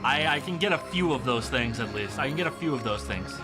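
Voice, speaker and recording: A man's voice: mid-range voice, lively intonation, fast, music in the background. A man streaming a game, chatting casually with his viewers in a rambling, joking way full of fillers. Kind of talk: casual chat with live chat while playing a game.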